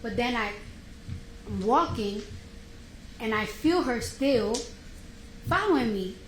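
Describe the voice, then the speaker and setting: A woman giving courtroom testimony in an animated storytelling way, acting out what each person said. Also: on the high side, takes it slowly. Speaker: witness testifying. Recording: echoey courtroom, faint noise.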